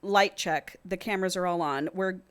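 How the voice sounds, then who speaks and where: A woman reading the lines of a bossy, teasing young woman from a book, in her own low voice. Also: moderate pace, lightly acted. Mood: commanding teasing. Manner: teasing, commanding.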